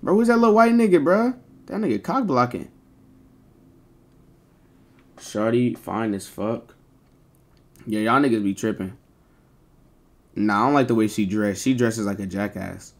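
A man's voice: lowish voice, measured pace, pauses often. Slangy, swearing male livestreamer. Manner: slangy, swearing, rambling talk to chat. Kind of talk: casual livestream chat.

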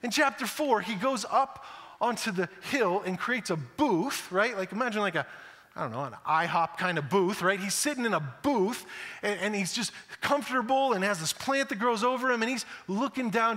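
A man's voice: high voice, lively intonation, normal speed, bright, forceful tone. A male pastor preaching a conversational sermon, acting out quotes and often repeating words. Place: church sanctuary. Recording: echoey church hall.

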